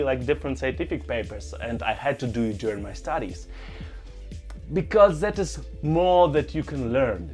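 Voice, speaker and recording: A man's voice: fairly high pitch, lively intonation, moderate pace, a little mellow, soft background music. A young man, vlogging in a casual, conversational way, often saying "like" and "you know". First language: not English. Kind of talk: casual talk to camera.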